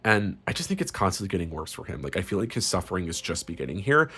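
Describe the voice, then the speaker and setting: A man's voice: deep voice, sing-song, quick pace, sharp tone, breathy edge. A man giving a casual tarot reading in a crude, sarcastic and gleefully spiteful way. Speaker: tarot reader.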